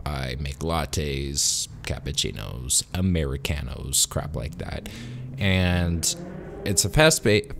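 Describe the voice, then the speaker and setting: A man vlogging alone in an unscripted monologue, rambling and self-deprecating with pauses and restarts, a little tipsy from a beer. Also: low-pitched, slight background noise.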